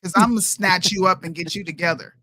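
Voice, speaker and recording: A woman's voice: on the low side, steady tone, fairly quick, sharp tone, no echo, studio quality. A woman in her thirties co-hosting a casual chat show, talking emphatically and calling people "bro". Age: 30s. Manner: emphatic, says "bro" a lot. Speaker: podcast co-host.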